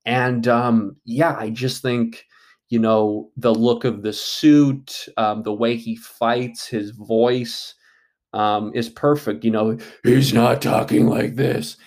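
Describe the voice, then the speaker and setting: Guy rambling about a movie cast, lots of ums and uhs, swears a bit, mid pitch. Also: little pitch movement, slow, darkish tone. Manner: rambling, many fillers and restarts; frank, swears casually. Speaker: movie commentator. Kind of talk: casual solo movie commentary.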